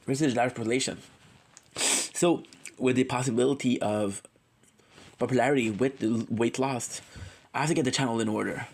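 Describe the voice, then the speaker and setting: A man's voice: medium pitch, steady tone, normal speed, vocal fry, pauses often. A man talking on his livestream, rambling and emotional as he tells a story and keeps correcting himself. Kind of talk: confessional livestream chat.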